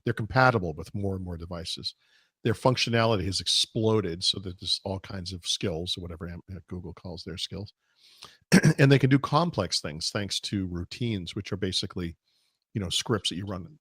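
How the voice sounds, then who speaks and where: A man co-hosting a casual tech podcast, losing his voice and clearing his throat, rambling with fillers and restarts. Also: deep voice, normal speed, fairly bright tone, no room sound, clean studio sound. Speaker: podcast co-host.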